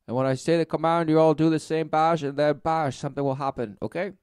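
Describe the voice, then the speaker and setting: A man's voice: a little high, steady tone, fast, darkish tone, clear, resonant tone, dry recording, clean studio sound, close to an everyday voice. A man playing an eager crowd ringleader. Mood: coaxing. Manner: coaxing, instructing.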